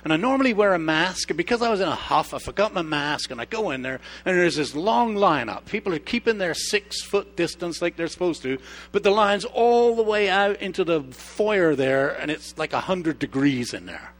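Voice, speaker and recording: A middle-aged man preaching with a fairly high voice that moves up and down a lot. He's an expressive storyteller who drops to a hushed tone for emphasis and then gets lively again, all in the flow of a sermon. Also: normal speed. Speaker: pastor. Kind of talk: sermon with personal stories.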